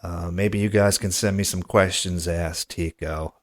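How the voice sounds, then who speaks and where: A man's voice: deep voice, fairly even intonation, normal speed, dry recording. A man hosting a comedy podcast, talking hesitantly with stammers and a skeptical tone. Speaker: podcast host. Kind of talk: comedy podcast prank call.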